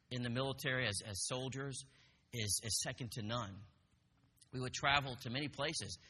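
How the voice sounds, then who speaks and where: Very bright-voiced middle-aged man preaching. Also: medium pitch, big-room sound. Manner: animated, self-deprecating storytelling. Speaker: church speaker and military veteran. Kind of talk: personal testimony sermon. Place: church hall.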